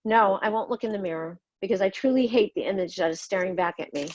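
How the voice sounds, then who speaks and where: A woman's voice: medium pitch, fast talker, darkish tone, highs cut off, slight background noise. Somber woman reading her own memoir. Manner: somber, confessional, blunt with occasional swearing. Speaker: podcast host telling her own story. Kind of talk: personal memoir narration.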